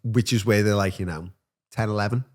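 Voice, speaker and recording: A man who teaches, co-hosting a podcast in casual chat and telling school stories with lively acted-out quotes. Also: lowish voice, brisk. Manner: animated storyteller who acts out voices in his anecdotes.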